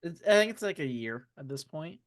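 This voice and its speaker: A man's voice: on the high side, expressive, fairly quick, no echo, studio quality. A man co-hosting a podcast, in casual, swearing chat. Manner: laughing, swearing, retells scenes. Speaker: podcast co-host.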